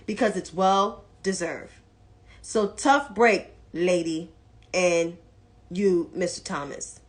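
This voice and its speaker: A woman's voice: fairly low pitch, slow. A woman giving casual political commentary in a blunt, profane, mocking way.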